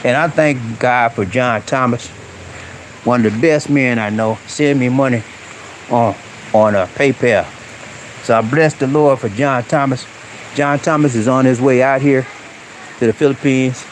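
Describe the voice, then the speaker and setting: A man's voice: medium pitch, measured pace, pauses often, a little hiss or hum. Man chatting on an outdoor live stream. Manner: preachy, blunt, talks straight to viewers with slang. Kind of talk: casual live-stream chat. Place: outdoors in a rural area, rain starting.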